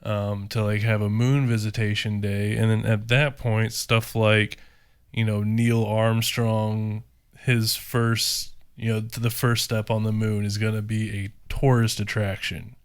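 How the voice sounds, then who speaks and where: A man's voice: fairly low pitch, level tone, a little slow, smooth, dry recording, studio quality. A man co-hosting a podcast in casual chat, rambling with lots of fillers. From rural area. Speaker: podcast co-host.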